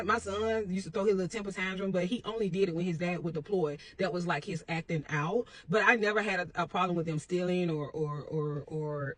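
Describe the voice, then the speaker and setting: A woman's voice: on the low side, a bit bright, slightly rough. A woman telling a personal parenting story in a casual, blunt, rambling way, with some profanity. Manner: rambling with restarts; confident.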